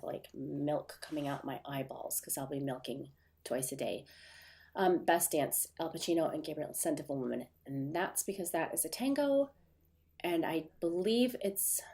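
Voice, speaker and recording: A woman's voice: lowish voice, dark tone. A woman with a Midwestern accent and a nasal, stuffy voice, chatting casually with viewers as host of her livestream from her desk at home. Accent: Midwestern American. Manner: chatty, rambling with fillers. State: stuffy runny nose.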